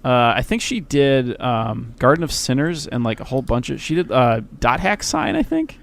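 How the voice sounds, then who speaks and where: A man's voice: medium pitch, sing-song, moderate pace, vocal fry. A man rambling in casual podcast chat as a host, hesitant and self-deprecating, often breaking into laughs.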